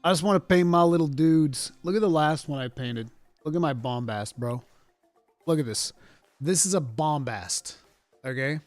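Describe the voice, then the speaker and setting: Dude streaming from home, kinda high voice, rambly and sweary, dry close mic, faint music behind. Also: male voice, moderate pace, no room sound. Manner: rambling, profane, mock-indignant, swings from mumbling to loud outbursts. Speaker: streamer reacting to a game showcase. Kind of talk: casual livestream chat.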